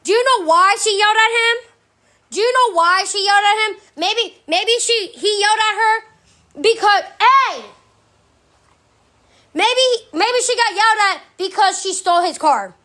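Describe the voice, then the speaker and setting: A woman's voice: very high-pitched, moderate pace, sharp tone. A woman livestreaming a defensive, profane rant at her commenters, firing rhetorical questions and barking commands at her dog.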